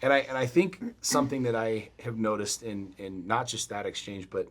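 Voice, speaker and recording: A middle-aged man co-hosting a podcast, telling a story in a blunt, profane, animated way. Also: lowish voice, moderate pace. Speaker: podcast co-host. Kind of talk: casual chat.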